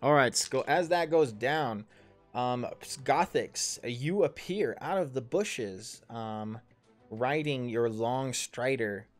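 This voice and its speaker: A man in his thirties narrates a tabletop game, stumbling through ums and restarts and tossing in casual curses. His pitch sits in a middling range, and faint music plays softly in the background. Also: slow. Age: 30s. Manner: rambling, full of ums and self-corrections, swears casually. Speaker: game master and player.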